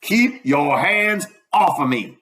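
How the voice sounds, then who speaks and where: A man voicing an angry, stern older male doctor who speaks in forceful, accusing tones in a storybook reading. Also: fairly high pitch, animated, normal speed, natural voice. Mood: indignant.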